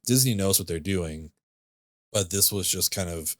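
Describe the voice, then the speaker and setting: A man's voice: sits low, moderate pace, a bit bright, dry recording, clean studio sound. A man co-hosting a podcast, chatting casually about a movie in a laid-back, rambling way with lots of fillers. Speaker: podcast co-host. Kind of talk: casual film review chat.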